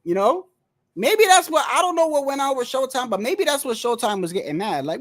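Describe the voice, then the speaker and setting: A man's voice: very high-pitched, big pitch swings, fairly quick, a bit bright, no echo. A man talking casually about boxing in a rambling, slangy, profane way. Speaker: boxing commentator. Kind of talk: casual solo boxing talk.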